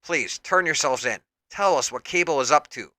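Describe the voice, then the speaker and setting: An earnest mutant leader, played by a man, pleading and calm. He sounds close to the reader's own voice, bright and dry. The recording is close. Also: fairly high pitch, normal speed, no echo.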